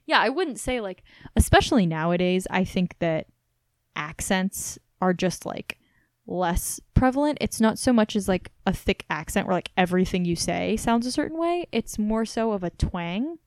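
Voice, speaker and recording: A woman's voice: mid-range voice, moderate pace, no room sound, studio quality. A young woman from Missouri with a faint Southern Midwestern twang, co-hosting a podcast as a casual chat with many fillers. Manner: chatty, many fillers, animated. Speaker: podcast co-host.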